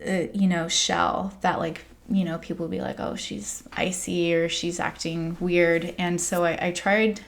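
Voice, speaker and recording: A young American woman, a spiritual coach, talking in a candid, rambling monologue full of "like" and soft laughs. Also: fairly low pitch, little pitch movement, a little slow, gravelly, hardly any pauses. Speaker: spiritual coach and podcast host. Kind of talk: casual confessional monologue.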